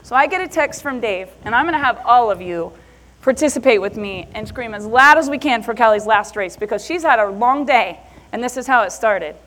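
A middle-aged woman giving a motivational talk to a live audience, telling an animated story and acting out the messages she got. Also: on the high side, brisk. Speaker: motivational speaker.

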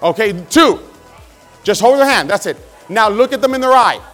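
A man leading a live motivational seminar at a sales convention, energetically shouting directions to the crowd. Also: high voice, lively intonation, normal speed, faint music behind. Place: large convention hall with a crowd. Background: crowd of hundreds.

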